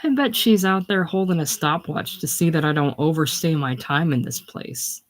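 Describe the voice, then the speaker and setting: A solo reader voicing a tough, wisecracking young drifter man in a casual play reading, slow and wry. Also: medium pitch, lightly acted.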